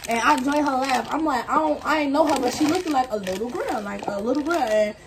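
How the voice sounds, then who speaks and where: Young woman, fairly high pitch, earnest, casual chat. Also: brisk, noisy background. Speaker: co-host.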